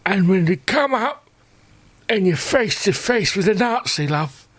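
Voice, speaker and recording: A man's voice: sits high, animated, unhurried, dry recording, pitched above the performer's own voice. A man voicing a boastful old male war veteran who calls the listener love.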